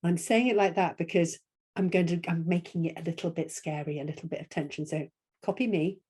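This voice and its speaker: A middle-aged woman leading a webinar, modelling a read-aloud lesson for an imagined class with hushed whispers and excited high calls. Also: slightly rough. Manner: expressive storytelling voice, big swings between hushed whispers and excited high calls; slow, deliberate teacher pacing with "copy me" prompts. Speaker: teacher trainer presenting a webinar.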